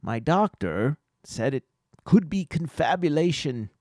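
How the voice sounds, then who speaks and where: A man voicing Bobby, a dramatic male schoolteacher with a head injury in a solo tabletop game, with a theatrical, slow and drawn-out delivery. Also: a little high, very animated, a little mellow, no echo, clean studio sound, pitched above the performer's own voice.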